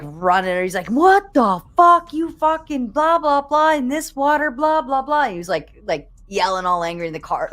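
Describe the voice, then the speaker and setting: A woman hosting a live stream in casual chat, laughing often and swearing freely as she tells stories. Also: low-pitched. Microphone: streaming setup.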